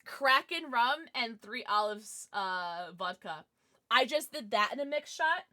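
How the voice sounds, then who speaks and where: A young woman chatting on a live stream from her home setup, bubbly and quick to gasp or laugh. Her voice sits high and bright and swings widely in pitch. The sound is close and dry, with hardly any room in it. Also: expressive, dry recording. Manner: bubbly, reads chat aloud, gasps and laughs often. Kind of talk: casual live-stream chat.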